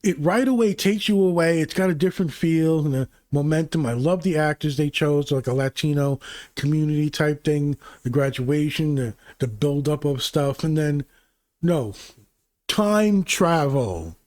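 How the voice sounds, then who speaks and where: Brief: male host, fairly high voice, rambling and profane film recap, dry close sound. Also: moderate pace, dry recording. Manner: profane, rambling, excitable storytelling. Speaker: channel host. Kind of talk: casual movie recap.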